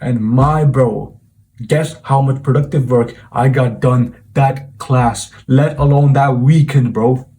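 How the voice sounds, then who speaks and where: A man's voice: medium pitch, fairly even intonation, slow pace, warm tone. A young man, a self-improvement vlogger telling a personal story in an informal, earnest way and often calling the listener "bro". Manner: informal, peppers talk with "bro", reflective and earnest. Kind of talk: casual storytelling monologue to camera.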